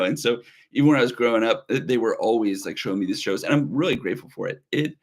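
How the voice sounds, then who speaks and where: A man's voice: mid-range voice, fast, hardly any pauses. A man in his thirties co-hosting a casual livestream, chatty and rambling as he reads viewer comments aloud. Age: 30s. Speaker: livestream co-host.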